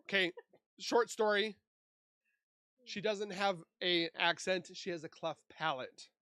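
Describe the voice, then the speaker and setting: A Minnesota man hosts a relaxed livestream, chatting into a desk mic and reading viewer comments aloud before answering them. His high voice is slow and sharp-toned, smooth, with no room sound.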